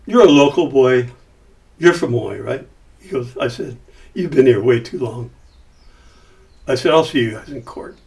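Middle-aged man, storytelling interview, animated acted-out quotes, sits back from the mic. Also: mid-range voice, normal speed, creaky, pauses often. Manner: animated, acts out quoted dialogue. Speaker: company founder telling a story. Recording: voice somewhat far from mic.

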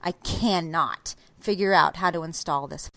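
Animated storytelling woman, swears a lot. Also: lowish voice, a little slow, no room sound. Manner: animated, swearing, acts out quotes. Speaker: podcast co-host. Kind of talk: casual storytelling chat.

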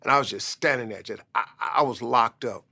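Gravelly man telling a life story. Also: mid-range voice, a little fast, pushed and bright. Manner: emphatic, repeats "man" for stress. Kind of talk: motivational storytelling.

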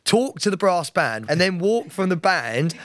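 A young man, co-hosting a casual chat podcast and telling animated stories full of acted-out quotes. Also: sits high, measured pace, no echo. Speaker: podcast co-host.

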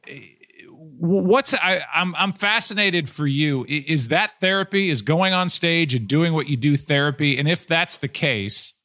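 A man's voice: a little high, measured pace, bright, forceful tone, no echo. A man co-hosting a casual podcast, asking rambling, curious questions into a close mic. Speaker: podcast co-host.

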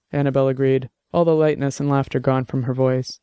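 A man narrating an audiobook with measured, even storytelling. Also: medium pitch, smooth, no room sound, clean studio sound.

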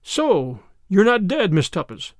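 A man voicing a composed older lawyer who speaks in a dry, measured way in an audiobook reading. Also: high-pitched, sing-song, no room sound.

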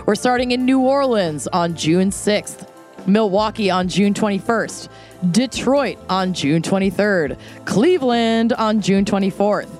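A woman's voice: mid-range voice, a little slow, darkish tone, faint music behind. A woman from Minnesota co-hosting a podcast, chatting casually with dry, blunt quips. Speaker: podcast co-host. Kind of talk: casual chat.

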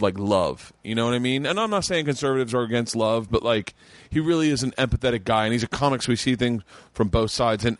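A male comic hosting his podcast in a dry, close-miked room. He talks quickly and excitably at a middling pitch, swears constantly and runs from one thought into the next. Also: no echo. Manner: fast, profane, excitable rambling. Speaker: podcast host and stand-up comic. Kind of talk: casual podcast chat. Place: home studio room.

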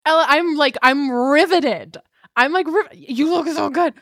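A woman's voice: sits high, a little slow, fairly bright tone, dry recording, studio quality. A woman hosting a casual chat, enthusiastic and swearing freely.

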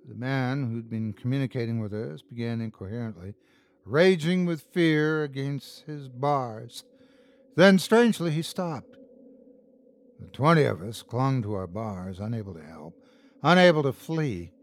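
A man reading a horror story aloud as host and narrator, tense and dramatic, shouting out the characters' lines. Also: medium pitch, animated, a little slow.

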